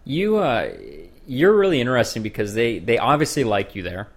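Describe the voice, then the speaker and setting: A man's voice: medium pitch, very animated, moderate pace. A man hosting a casual talk, joking and often restarting his sentences. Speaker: host. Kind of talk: casual chat.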